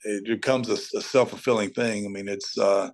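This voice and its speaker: A middle-aged man, a high school football coach, telling stories as an interview guest and acting out his own shouting at the TV. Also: moderate pace, slight background noise. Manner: animated storyteller, acts out shouting at the TV.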